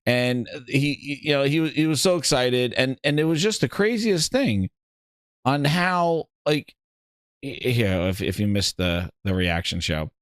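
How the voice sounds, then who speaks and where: A man hosting a gaming podcast, chatting excitedly, rambling, swearing and cracking himself up. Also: mid-range voice, unhurried, dry recording, studio quality. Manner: rambling, laughs at his own jokes, swears a lot. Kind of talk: excited casual chat.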